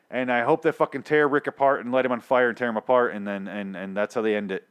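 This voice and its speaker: A man's voice: mid-range voice, brisk, few pauses, clear, resonant tone. Male solo podcast host, sarcastic and foul-mouthed ranter. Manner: profane, sarcastic, animated rant. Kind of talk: ranting solo show review.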